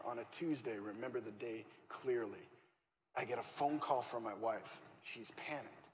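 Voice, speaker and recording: A man's voice: medium pitch, normal speed. A male pastor preaching a conversational, story-driven sermon and acting out the dialogue he quotes. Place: church auditorium. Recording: church hall reverb, faint room noise.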